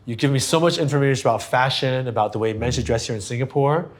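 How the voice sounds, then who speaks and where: A man's voice: mid-range voice, quick pace. Man, casual interview host, playful and easygoing, medium voice. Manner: easygoing, playful, with many fillers.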